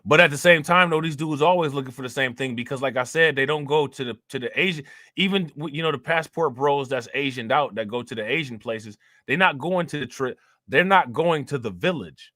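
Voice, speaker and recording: A man's voice: mid-range voice, brisk, bright, forceful tone, no echo, clean studio sound. A young man commenting casually on a livestream and reading out chat comments, with lots of fillers and repeated words. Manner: loose and conversational, fillers and repeats.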